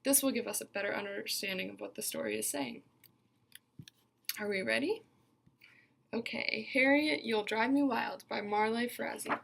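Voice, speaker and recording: Expressive teacher with a gravelly voice. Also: female voice, on the high side, moderate pace, long pauses, slight background noise. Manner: bright, expressive storytelling with questions to children. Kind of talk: reading a picture book aloud to a class.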